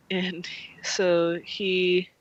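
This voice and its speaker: A young adult game master narrating a tabletop role-playing game, rambling with many ums and likes. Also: male voice, sits high, monotone, drawn-out words, lo-fi sound.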